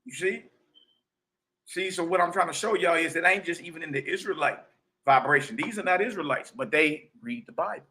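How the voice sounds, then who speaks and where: A man's voice: fairly high pitch, fairly quick, sharp tone, low-quality recording. A man giving emphatic, preachy commentary on a video clip and talking straight to his listeners. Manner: emphatic, addresses listeners directly. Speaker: commentator reacting to clips.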